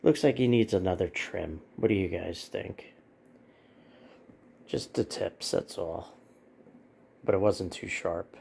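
A man with a froggy, hoarse voice from allergies, casually cooing affectionately at his cat while filming it for a vlog. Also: sits low, slow, long pauses, darkish tone, a little hiss or hum.

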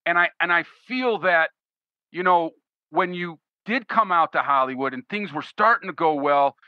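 A man's voice: a little high, moderate pace, dry recording. A man hosting a podcast in a casual, encouraging way, often calling his guest "man". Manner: laid-back, affirming, says "man" often. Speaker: podcast host. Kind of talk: casual interview chat. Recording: dry, dull lo-fi podcast audio.

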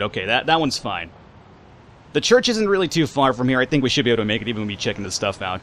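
A man giving casual, animated commentary while playing a video game and reading its lines aloud. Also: medium pitch, fast talker, slight background noise. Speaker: let's play gamer.

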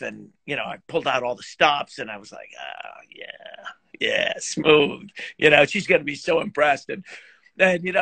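A middle-aged man, a guest musician and teacher, telling stories in a casual chat, animated and self-deprecating, laughing often. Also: on the high side, no room sound. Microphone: video call.

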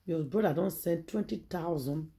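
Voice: mid-range voice, moderate pace, vocal fry, mellow. A vlogger with a Nigerian accent telling celebrity gossip as dramatic storytelling, emphatic and preachy, full of rhetorical questions.

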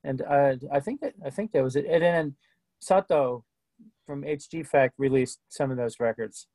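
A middle-aged man talks as a guest on a video call, telling stories in an easy, relaxed way. His voice sits in a medium pitch. The sound is dry and close. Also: moderate pace, dry recording. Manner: laid-back storyteller, frequent restarts. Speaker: guest musician. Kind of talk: casual interview chat.

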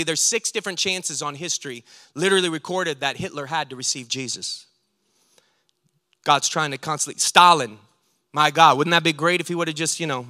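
A male pastor delivers an animated sermon, acting out lines of scripture dialogue. His voice sits high and rings bright. The sound is dry and close, with little room behind it. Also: no room sound. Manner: animated preaching, acts out dialogue.

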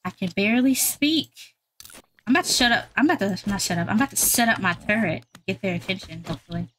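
A woman's voice: mid-range voice, fast, a little hiss or hum. Chatty woman commentating a zombie game. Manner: chatty, talks to viewers, excitable when fighting. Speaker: gaming YouTuber. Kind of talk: casual gameplay commentary.

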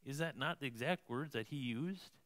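A man's voice: mid-range voice, moderate pace, a bit bright. A man preaching a sermon as pastor, reading scripture and explaining it in a conversational way, often checking in with the congregation. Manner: conversational preaching, tags lines with "right?". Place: church.

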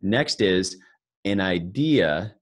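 A man's voice: sits low, expressive, extremely slow. A man giving a live financial seminar, talking conversationally and joking with the audience. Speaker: financial speaker presenting to an audience.

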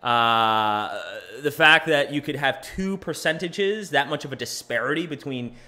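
A man's voice: fairly high pitch, a little slow, pushed and bright. A man hosting his own podcast in a rambling, self-deprecating, chatty monologue. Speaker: podcast host.

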